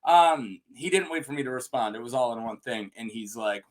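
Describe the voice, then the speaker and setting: A man's voice: mid-range voice, animated, a little fast. A man talking to his viewers in an unedited, rambling rant, joking and improvising as he goes. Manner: rambling, jokey, improvised, with restarts and laughs. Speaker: video creator talking to viewers.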